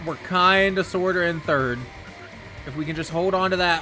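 Young male streamer, slightly raised pitch, faint game music underneath; loose, profane, easily excited play-by-play. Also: fast talker. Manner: excitable, swears a lot, laughs often. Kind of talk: casual gameplay commentary. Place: his bedroom.

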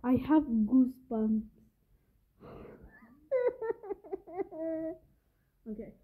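High-voiced jumpy woman gamer, tinny audio. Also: sing-song, extremely slow. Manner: jumpy, swears often, talks to viewers. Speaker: gamer streaming a horror game. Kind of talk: casual let's-play commentary. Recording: tinny phone-like lo-fi audio with faint noise.

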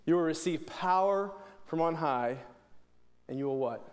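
A man's voice: on the high side, expressive, measured pace. A man from preaching a sermon in church, earnest, often restarting and repeating words. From Pittsburgh, USA.

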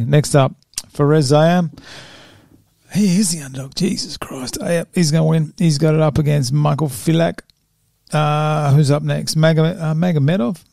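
A man's voice: mid-range voice, vocal fry, dark tone, no room sound, studio quality. A young man hosting a podcast, giving his betting picks in a casual, rambling way and tripping over names as he goes. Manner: rambling, stumbles over names and laughs at himself. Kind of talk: casual solo chat.

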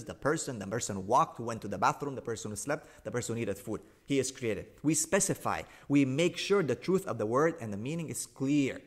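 Rebutting a video, a religious commentator delivers a sarcastic and emphatic argumentative monologue. He drives his points home by repeating them, with big swings in pitch and loudness.

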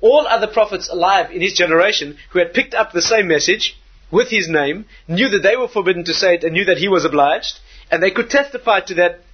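A man's voice: sits high, lively intonation, brisk, husky, muffled recording. A man teaching a class as a rabbi, explaining step by step with restarts and rhetorical questions. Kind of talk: lecture.

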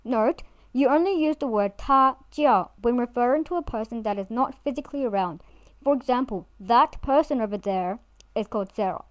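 A woman teaching in a clear, careful voice, slowing down to model each word as she explains it. Her voice sits a little high and sounds close and dry, with no room around it. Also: animated, no room sound. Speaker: language teacher. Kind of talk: scripted instructional narration.

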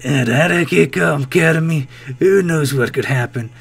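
A man putting on a deep, theatrical narrator voice to read a visual novel's text aloud. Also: normal speed, gravelly, breathy edge. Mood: mock-ominous. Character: deep, mock-dramatic male game narrator.

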